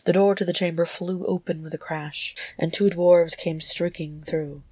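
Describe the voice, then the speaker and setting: A woman narrates an audiobook in a very low, even voice, with little rise and fall. Her tone is slightly husky and recorded close and dry. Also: moderate pace, dry recording. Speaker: audiobook reader. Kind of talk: fan fiction audiobook narration.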